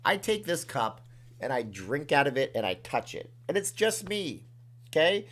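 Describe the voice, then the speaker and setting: A man's voice: a little high, normal speed. Chatty man hosting a livestream. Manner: chatty, reads out viewer comments and thanks donors excitedly. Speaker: livestream host. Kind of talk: casual livestream chat. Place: his room at home.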